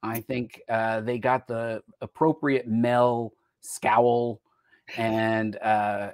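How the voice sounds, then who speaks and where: Man, American, show host, rambling chatty delivery, middle pitch, close dry sound. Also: flat delivery, drawn-out words, no echo. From United States. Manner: chatty and rambling, jumps between topics mid-sentence. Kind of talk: casual live-stream chat.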